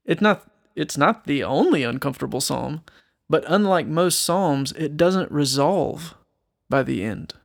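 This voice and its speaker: A man's voice: fairly high pitch, expressive, unhurried, creaky. A man giving an earnest, reflective Bible teaching, reading a psalm aloud and asking his listeners rhetorical questions. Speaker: Christian speaker and musician.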